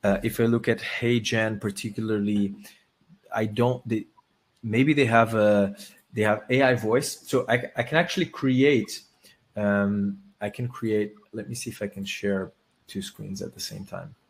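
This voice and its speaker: A man hosting a live webinar, talking casually and haltingly with many restarts while he demonstrates software on screen. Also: lowish voice, fairly even intonation. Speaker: webinar host.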